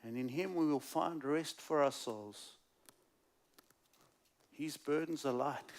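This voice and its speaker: Guy preaching a sermon in church, kinda high voice, gets loud then goes real quiet. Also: takes it slowly. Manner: emphatic, swings between loud stress and hushed asides. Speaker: guest preacher. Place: church service.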